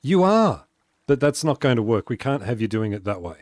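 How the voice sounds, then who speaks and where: This streamer chats easily while playing live, reading messages out loud and laughing a lot between tasks. His ordinary middle-pitched voice has a darkish tone, a sing-song lilt, and a brisk pace. Audio is close and dry, without room echo.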